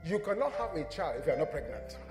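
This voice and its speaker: A man's voice: fairly high pitch, very animated, quick pace. A pastor preaching a sermon in a church. He speaks emphatically and keeps putting questions to the congregation, then answers them himself. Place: church sanctuary. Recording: reverberant church hall with soft instrumental music.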